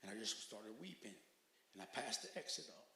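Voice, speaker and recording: Forceful man testifying in an echoey hall. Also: big pitch swings, a little fast. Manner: emphatic storytelling, swings between loud outbursts and hushed low stretches. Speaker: testimony speaker at a recovery meeting. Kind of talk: personal testimony to a church group. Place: church meeting hall.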